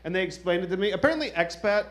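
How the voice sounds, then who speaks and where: Thirties guy doing standup, swears a lot, kinda high voice, dry wry jokes. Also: expressive, racing, a bit bright. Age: 30s. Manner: casual, profane, wry storytelling. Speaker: stand-up comedian. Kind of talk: stand-up comedy set.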